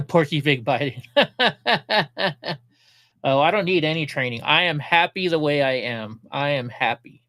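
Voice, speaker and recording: A man's voice: on the high side, normal speed, a bit bright, dry recording. A man hosting a casual political news livestream, talking sarcastically, laughing at clips and chatting with viewers. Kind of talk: casual commentary.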